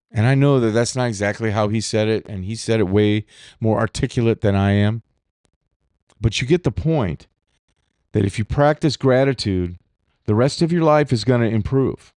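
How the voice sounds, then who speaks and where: A man's voice: fairly low pitch, normal speed, darkish tone, smooth, dry recording, clean studio sound. Candid, profane man hosting a podcast. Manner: candid, profane, rambling with restarts. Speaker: podcast host. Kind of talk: solo reflective podcast monologue.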